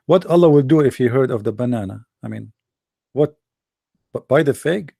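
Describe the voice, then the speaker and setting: A man's voice: mid-range voice, animated, normal speed, gravelly, long pauses, dark tone, dry recording, clean studio sound. A man hosting an online debate show, talking casually to listeners in an emphatic, mocking way that repeats itself. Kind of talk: casual monologue to a live audience.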